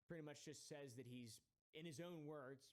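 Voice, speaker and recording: Man, dry sardonic commentary, timestamp narration, slightly high voice. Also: moderate pace. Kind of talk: scripted video commentary.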